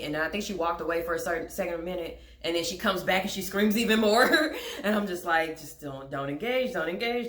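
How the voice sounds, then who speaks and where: A woman's voice: low voice, fairly bright tone. A young woman in a casual storytime vlog, candid and chatty, with frank swearing and wry laughs. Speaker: vlogger telling a personal story. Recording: echoey room.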